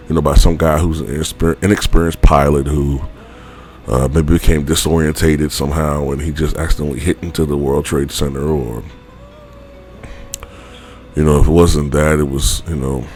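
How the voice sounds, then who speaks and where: A man's voice: a bass voice, darkish tone. A man vlogger telling a personal story in a rambling, casual way, full of fillers and offhand swearing.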